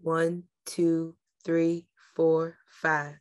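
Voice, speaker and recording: A woman's voice: low-pitched, level tone, very slow. A woman from New York co-hosting a casual chat about a TV show, laughing often. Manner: giggly, easygoing, laughs often. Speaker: podcast co-host.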